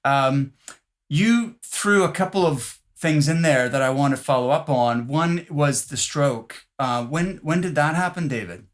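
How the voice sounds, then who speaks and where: A man hosting a podcast interview, speaking in a measured way with frequent filler sounds. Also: a little high. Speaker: podcast host.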